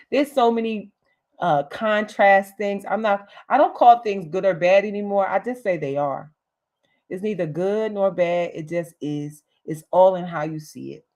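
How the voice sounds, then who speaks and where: A woman's voice: fairly low pitch, a little mellow, dull audio. Motivational lady on a livestream, emphatic, repeats herself, casual slangy talk. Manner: emphatic and repetitive, uses slang. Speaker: host.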